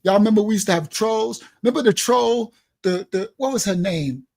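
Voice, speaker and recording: High-voiced man preaching with streetwise warmth. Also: normal speed, creaky. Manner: animated, streetwise, laughing while he tells stories. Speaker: ministry leader. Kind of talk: livestream preaching to his congregation.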